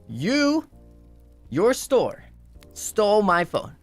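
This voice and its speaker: A man voicing a furious woman customer who makes frantic, shrill accusations. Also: wildly swooping pitch, very slow, faint music behind, exaggerated voice.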